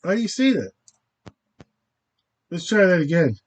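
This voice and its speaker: Channel host, male, high voice, unhurried, halting and self-interrupting, stumbles over foreign words. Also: big pitch swings, poor audio. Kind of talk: rambling casual monologue.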